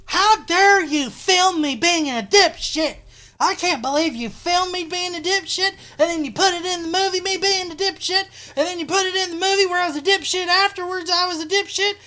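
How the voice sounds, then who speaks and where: Woman doing a shouting, indignant man, mock outrage, high and loud. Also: normal speed. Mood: outraged. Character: whiny furious grown man, mocked indignation.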